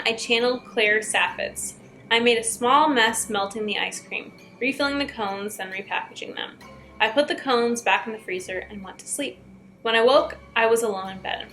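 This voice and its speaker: A woman's voice: fairly high pitch, a bit bright, poor audio. A young woman reading scary stories aloud as a YouTuber, breaking in with chatty asides.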